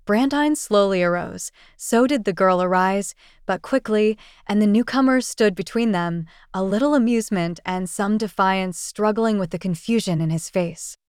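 Smooth-voiced woman reading a classic story. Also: mid-range voice, dry recording, studio quality. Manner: measured, even storytelling. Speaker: narrator.

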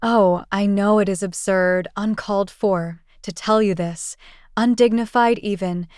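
A proud young society lady with a quick temper, sharp when crossed and pleading when it suits her, as a woman reads her lines. The voice is smooth and clean, sitting at a mid pitch. It is recorded close and dry. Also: fairly even intonation, no room sound, natural voice. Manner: agitated, pleading, then sharp.

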